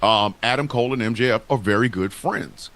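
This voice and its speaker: A man's voice: on the low side, a little fast, fairly bright tone. A man co-hosting a casual wrestling talk show, speaking in a heated, profane and emphatic way. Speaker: podcast co-host.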